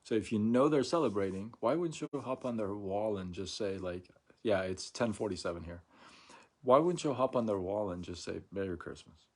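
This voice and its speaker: A man's voice: lowish voice, expressive, normal speed, darkish tone, breathy edge. A middle-aged man talking casually to viewers on a live stream, chatty and repetitive, often checking in with "right?" and acting out mock quotes. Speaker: vlogger.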